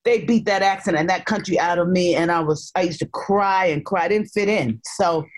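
A playful, animated storyteller who slips into different voices, this actress guest chats casually in an interview. Her low female voice moves fairly quickly, and she hails from North Carolina but grew up in Harlem, New York.

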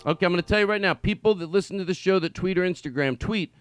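A middle-aged man hosting a comedic podcast in a studio, rambling and excitable, swinging between yelling and quiet mumbling. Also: fairly high pitch, quick pace, faint music behind. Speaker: podcast host. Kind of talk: loose comedic podcast talk. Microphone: studio mic.

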